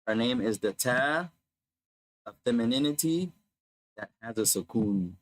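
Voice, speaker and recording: A man teaching an Arabic grammar lesson online, patiently repeating terms slowly and explaining in English. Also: medium pitch, animated, no room sound, rough recording.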